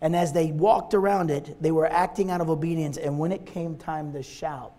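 A man's voice: on the high side, fairly even intonation, normal speed, warm tone. A man preaching a sermon as pastor, emphatic and repetitive, driving his points home.

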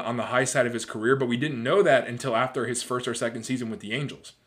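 A man in his thirties hosting a sports podcast, ranting in a casual, animated way with swearing and lots of fillers. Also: medium pitch. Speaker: podcast host.

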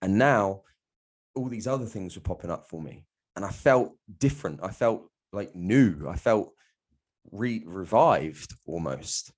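Lowish voiced guy from the south, swears a lot, laughs through his story. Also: animated, measured pace, husky. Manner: blunt, sweary, laughs often. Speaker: guest. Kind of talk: candid storytelling.

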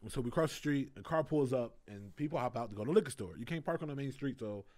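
A man's voice: medium pitch, fast, dry recording. A young man telling a story in casual chat, laughing often and acting out the voices of people in it. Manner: animated, laughing often, acts out voices in quotes. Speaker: comedian guest.

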